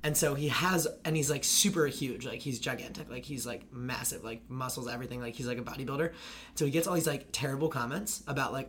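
A man's voice: mid-range voice, fast talker, slight background noise. A young man talking casually on a podcast, rambling and filling nearly every phrase with "like". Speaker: podcast guest.

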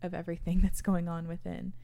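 Gravelly-voiced woman host, casual and earnest. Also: lowish voice, monotone, quick pace, mellow, a little hiss or hum. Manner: earnest, swears casually, laughs. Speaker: podcast host. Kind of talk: casual podcast conversation.

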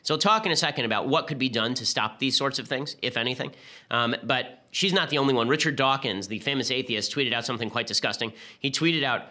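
A man hosting a podcast, delivering an argumentative political commentary monologue with quick restarts. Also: mid-range voice, bright, forceful tone. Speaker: podcast host.

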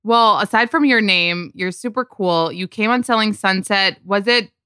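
A woman hosting a gossip podcast, excitable and casual, filling her sentences with "like.". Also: mid-range voice, normal speed, smooth, no echo, clean studio sound. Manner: excitable, fills her talk with "like". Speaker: podcast host.

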